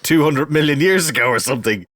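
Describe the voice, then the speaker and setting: A middle-aged man hosting a casual podcast chat, telling lively stories. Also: on the high side, quick pace, dry recording, studio quality. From Ireland. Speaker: podcast host.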